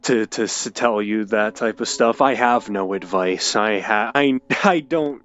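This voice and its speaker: A young man telling an emotional personal story, halting and hesitant with many restarts. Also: fairly low pitch, fairly bright tone, dull audio. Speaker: video creator.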